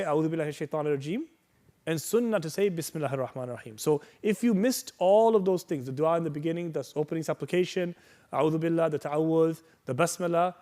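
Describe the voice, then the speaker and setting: A religious teacher leads a workshop on prayer, explaining things patiently and reassuringly. He recites Arabic phrases and checks in with "right?" and "okay?" His voice is fairly high and a touch mellow.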